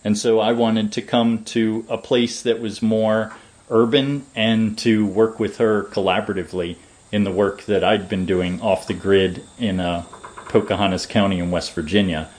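A man giving long, measured, lecturing answers as a permaculture designer in an interview. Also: lowish voice, little pitch movement, a little mellow, low-quality recording.

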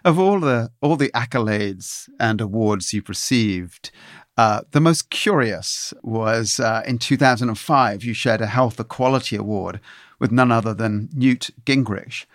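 Measured male podcast host, dry studio. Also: medium pitch, dry recording. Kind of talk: interview hosting.

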